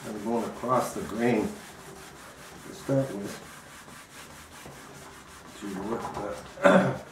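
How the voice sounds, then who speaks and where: A man narrating his wood finishing work in a casual, unhurried way, hesitating now and then and a little out of breath from the rubbing. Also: lowish voice, steady tone. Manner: unhurried, plain-spoken, hesitant with fillers. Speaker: woodworker demonstrating finishing. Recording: echoey room, faint noise.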